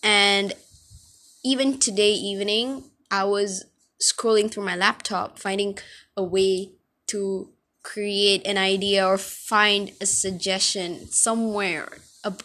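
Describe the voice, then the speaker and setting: Hosting a casual solo podcast from home, a woman speaks slowly in a medium pitch with fairly even intonation and a sharp tone. She sounds hesitant and often trips over her words.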